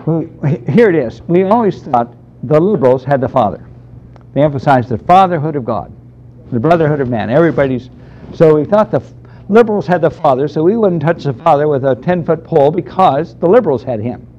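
A man's voice: a little high, lively intonation, a little fast, mellow. A man teaching a Bible class in a conversational, emphatic way, taking questions from the room. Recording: dull lo-fi lecture recording.

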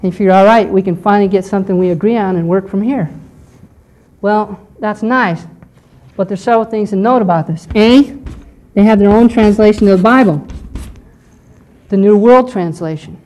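A woman's voice: medium pitch, fairly quick, a little mellow, poor audio. A woman teaching a Bible class in a conversational lecture style, often checking in with her listeners.

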